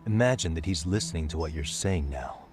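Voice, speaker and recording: A man voicing a calm, persistent detective who presses a witness with steady questions. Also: rumbling low, fairly quick, music in the background. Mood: pressing. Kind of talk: game voice acting.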